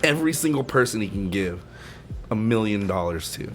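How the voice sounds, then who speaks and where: Low-voiced man rambling through explanations. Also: expressive, brisk, soft background music. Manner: rambling explainer, many fillers. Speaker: podcast co-host. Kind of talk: casual chat.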